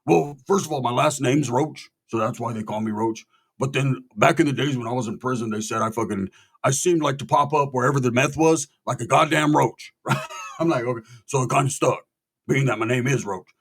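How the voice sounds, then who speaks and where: A man telling a story in a casual, profane, animated way, acting out the people in it. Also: mid-range voice, a little fast, creaky, slightly rough. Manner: profane, animated, quotes people in their voices.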